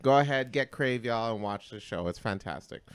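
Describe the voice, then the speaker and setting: A man co-hosting a podcast, telling a story in casual, profane, animated talk that swings between loud and mumbled. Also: medium pitch, normal speed, clear, resonant tone, no echo. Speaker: podcast co-host.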